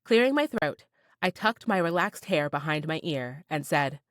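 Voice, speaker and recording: A woman narrating a first-person romance audiobook with playful, expressive storytelling. Her fairly low voice swings widely in pitch. The recording is close and dry, with no room echo. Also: moderate pace. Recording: dry close studio sound.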